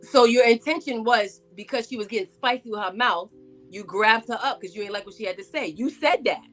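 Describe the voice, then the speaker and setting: A woman's voice: fairly high pitch, a little fast, a bit bright, soft background music. A woman on a panel show firmly lecturing a guest. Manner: firm, lecturing. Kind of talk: heated panel debate.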